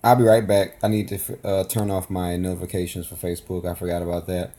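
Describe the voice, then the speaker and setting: A man's voice: low-pitched, level tone, quick pace, very noisy. A man hosting a reaction video, chatting casually to camera in a rambling, apologetic way.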